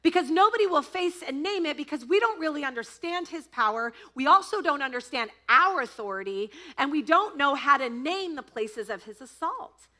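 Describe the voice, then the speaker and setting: A woman pastor preaching a sermon, telling a story in an animated, laughing, dramatic way. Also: high voice, normal speed, few pauses. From United States.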